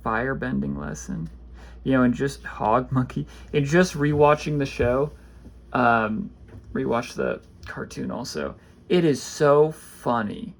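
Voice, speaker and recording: A man casually opening trading card packs, reading card names aloud and chatting about them in a rambling, low-key way. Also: measured pace, creaky. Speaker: card pack opener. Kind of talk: casual pack-opening commentary.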